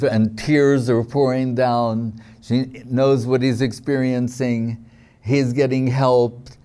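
Man, mellow tone, devotional teacher, reflective storyteller, halting delivery. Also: mid-range voice, smooth. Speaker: spiritual teacher. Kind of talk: devotional discourse.

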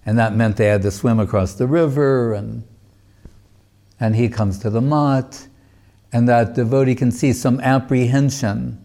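A man's voice: mid-range voice, steady tone, measured pace, mellow. A man giving a religious class, telling a story in a loose, digressive way with lots of casual filler phrases. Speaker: spiritual teacher giving a class.

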